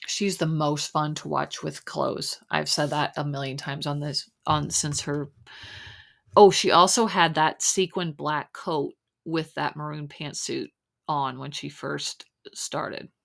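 Casting note: woman podcast host with a low voice, chatty, rambling, filler-heavy. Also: flat delivery, slow pace, creaky, a bit bright. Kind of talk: casual chat recapping a reality show.

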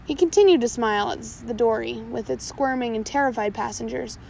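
A woman's voice: on the high side, a little fast, vocal fry, a little mellow, a little hiss or hum, poor audio. A woman reading a pirate storybook aloud, now and then stumbling and correcting herself. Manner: reads with small slips and self-corrections.

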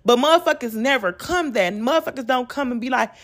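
A woman's voice: sits high, fast. Woman, ranting on her podcast, cussing a lot and mimicking people. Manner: profane, blunt, animated quoting of others. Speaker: podcast host. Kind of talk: casual rant.

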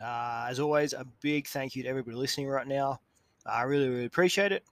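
A male podcast host talking on his own in a steady, even, explanatory way. His voice sits in an ordinary middle register. It is recorded close and dry, with no room sound. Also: medium pitch, quick pace, dry recording. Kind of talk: solo educational podcast talk.

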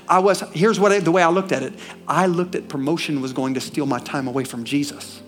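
A middle-aged man preaching a sermon, telling a personal story and building to loud, fervent peaks. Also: fairly high pitch, fairly quick.

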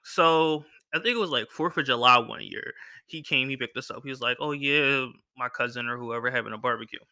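Speaking a little fast in a mid-range voice, a young podcast host from Philadelphia tells a personal story. His delivery is casual and animated, and he acts out the people he quotes.

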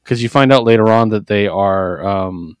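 A man co-hosting a casual podcast, recapping comics in an animated way, jumping into quick character voices and laughing often. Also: lowish voice, smooth, no room sound. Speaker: podcast co-host. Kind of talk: casual comic book chat.

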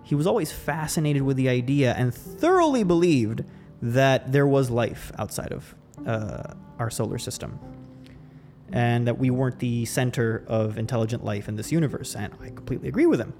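A man's voice: medium pitch, animated, moderate pace, darkish tone, faint music behind. A man hosting a podcast, telling a personal story in a loose, reflective way, full of restarts. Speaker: podcast host. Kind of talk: casual storytelling.

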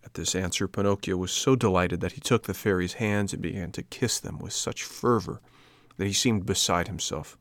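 A man narrating a children's classic in a measured, even storytelling manner. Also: low-pitched, no room sound. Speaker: audiobook narrator. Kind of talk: scripted narration.

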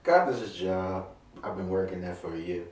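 A man in casual chat, relaxed and joking, giving hype reactions. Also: low voice, moderate pace, recorded from a distance. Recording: roomy off-mic with crowd noise.

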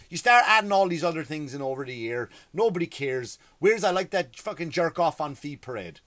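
A man's voice: high voice, animated, a little fast, hardly any pauses, fairly bright tone, no echo. A man, a stand-up comedian, delivering a profane, exasperated comedy rant. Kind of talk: ranting comedy monologue.

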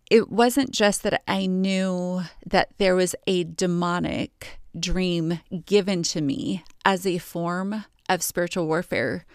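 A woman with a somewhat low voice tells a personal testimony of faith. She speaks earnestly and reflectively, pausing often and reaching for words. The recording is dry, with no room sound. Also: clean tone, dry recording. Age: adult, married. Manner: earnest, reflective, with pauses and fillers. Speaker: Christian speaker sharing a testimony.

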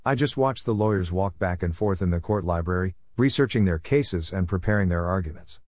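Male narrator, low voice, reflective and wry, first-person story reading, dry close sound. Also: expressive, fairly quick, darkish tone, dry recording.

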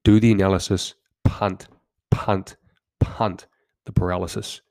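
A man's voice: low-pitched, flat delivery, measured pace, darkish tone, no room sound. A man hosting a podcast, delivering a motivational monologue in direct, punchy commands, often stumbling and repeating words as he goes. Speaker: podcast host.

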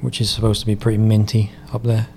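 A man chiming in on a casual podcast with quick, wry remarks. His voice sits fairly low. Faint noise is heard behind him. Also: monotone, a little mellow. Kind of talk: casual chat.

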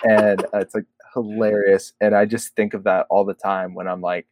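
A man's voice: on the low side, level tone, normal speed, darkish tone, slight background noise. A man co-hosting a podcast in casual chat, rambling with lots of "like" and "you know.". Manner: rambling, filler-heavy, full of "like" and "you know". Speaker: podcast co-host.

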